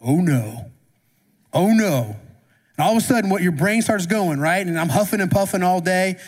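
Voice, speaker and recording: A man's voice: high voice, animated, moderate pace. A man preaching a sermon as pastor, talking conversationally and asking the congregation questions. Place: church sanctuary. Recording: long reverb of a church hall.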